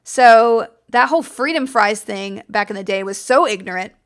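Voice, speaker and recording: A woman's voice: fairly high pitch, normal speed, fairly bright tone, clean tone. An American woman hosting a podcast, talking casually and enthusiastically, rambling a little with fillers and restarts as she goes. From United States. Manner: chatty and enthusiastic, rambling with fillers and self-corrections. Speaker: podcast host. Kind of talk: casual book-recommendation chat.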